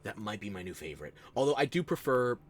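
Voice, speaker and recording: A man's voice: lowish voice, big pitch swings, fast. A man chatting casually with viewers while streaming a game, playful and self-deprecating, talking into a close desk microphone. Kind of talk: casual live-stream chat while playing.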